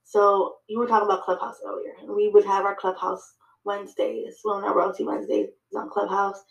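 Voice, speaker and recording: A woman guesting on a podcast, telling her story in lively fashion, acting out her own dialogue, with many fillers and restarts. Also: medium pitch, brisk, vocal fry, echoey room, dull audio. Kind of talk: casual interview chat.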